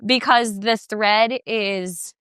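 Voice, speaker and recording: A woman's voice: medium pitch, fairly even intonation, drawn-out words, fairly bright tone, smooth, no room sound, clean studio sound. A woman co-hosting a podcast, talking casually and rambling through a story with many fillers while walking outdoors by a lake. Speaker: podcast co-host. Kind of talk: casual chat.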